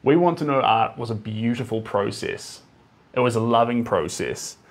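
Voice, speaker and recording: A man in his thirties with a New Zealand accent talks casually while he paints, rambling from thought to thought. His voice sits in a middle pitch with an even, monotone drawl. He reads out viewer comments as they come in. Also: normal speed. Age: 30s. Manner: chatty and rambling, reading out viewer comments with laughs; self-described monotone drawl. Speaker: painter hosting a live stream. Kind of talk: casual live-stream chat while painting.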